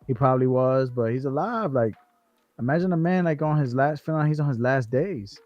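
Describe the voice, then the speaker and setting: A man's voice: medium pitch, fairly quick, no echo, dull audio. Co-host, male, loose slangy delivery full of restarts, dry close sound. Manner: slangy, profane, many restarts and "bro". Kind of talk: casual livestream conversation.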